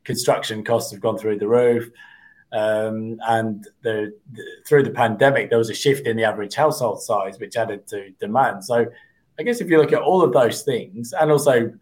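A man talks as an interview guest, his voice a little croaky from a cold. He lays out figures one after another in a calm, measured way. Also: on the low side, poor audio. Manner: measured, explanatory, lists data points. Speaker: guest property expert. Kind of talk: casual interview talk.

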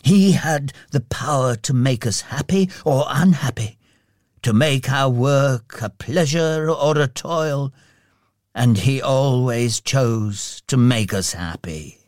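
A man voicing a remorseful old male miser who talks slowly and wistfully, reading a storybook. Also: mid-range voice, darkish tone, no echo, clean studio sound, natural voice.

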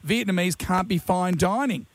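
A man's voice: high voice, normal speed, no room sound. A man with an Australian accent hosting drive-time radio, teasing his guest and co-host in casual banter. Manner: jokey, teasing, says "mate" a lot.

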